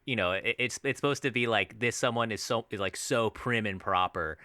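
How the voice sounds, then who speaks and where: A young man co-hosting a casual film podcast, animated and laughing, swearing freely. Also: fairly low pitch, a little fast, clear, resonant tone, no echo, clean studio sound. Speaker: podcast co-host. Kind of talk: casual chat.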